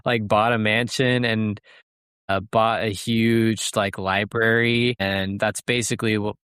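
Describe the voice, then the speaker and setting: A man with a fairly low voice co-hosts a casual film podcast. He thinks aloud, halting and filling gaps with small words as he works out his points. The recording is dry and close. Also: little pitch movement, a bit bright, clear, resonant tone, no room sound. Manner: halting, filler-heavy, thoughtful. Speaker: podcast co-host.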